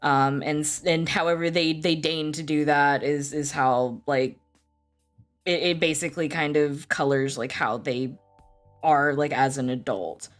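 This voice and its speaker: A woman's voice: deep voice, steady tone, unhurried, soft background music. A woman with a Southern US accent chatting as a player, hesitant and full of fillers. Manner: hesitant, filler-heavy, giggly. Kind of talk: casual chat about a tabletop game.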